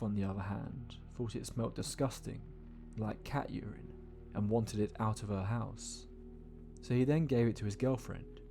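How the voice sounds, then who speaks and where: Low mellow man narrating a horror story. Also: gravelly. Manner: measured, slowing for suspense.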